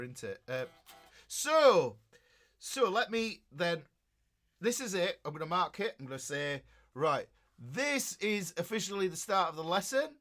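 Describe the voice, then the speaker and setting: A man's voice: on the high side, bright, forceful tone. A middle-aged man, a guitar teacher chatting casually on a livestream and reading out viewer comments in a rambling way.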